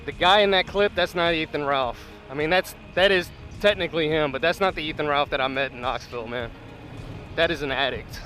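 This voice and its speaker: Brief: higher-pitched commentary host, direct and serious, music bed behind. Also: male voice, brisk, pushed and bright, rough recording. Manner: earnest, direct address to viewers. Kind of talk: commentary vlog.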